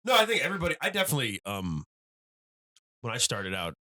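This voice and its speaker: Animated man in his thirties, casual podcast chat. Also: medium pitch, quick pace. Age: 30s. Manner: animated, rambling with many fillers. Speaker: podcast host, stand-up comedian.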